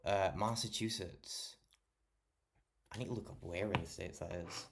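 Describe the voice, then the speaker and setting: A man's voice: low voice, steady tone, a little slow, vocal fry, noisy background. A man streaming late at night, chatting casually with his chat, swearing freely and talking to viewers by name. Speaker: livestreamer.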